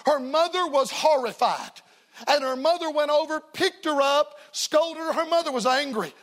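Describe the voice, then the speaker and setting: An evangelist with a very high, fairly bright voice preaches a revival sermon to a church congregation at a moderate pace. He's folksy and emphatic, telling stories and hammering home repeated refrains.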